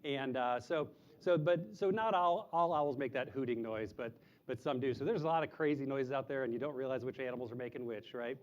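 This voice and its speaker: At a live animal show for kids, a man introduces animals to a group of children, chatting and explaining things simply and sometimes imitating owl hoots in a high voice. He talks fairly quickly with hardly any pauses, and the high frequencies are cut off.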